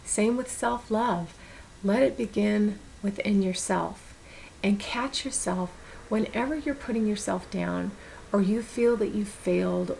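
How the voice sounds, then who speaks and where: A woman speaks earnestly to the camera, offering casual self-help advice in an encouraging way and repeating words. Her voice is medium-pitched and darkish, with vocal fry. The recording is low-quality, with slight background noise.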